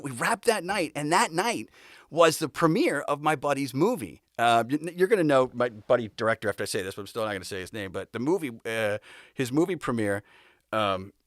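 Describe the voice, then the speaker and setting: A man's voice: a little high, expressive, moderate pace, a bit bright, no room sound, clean studio sound. A middle-aged man hosting a podcast, telling rambling backstage anecdotes with frequent laughs and acted-out quotes. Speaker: podcast host. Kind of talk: casual storytelling.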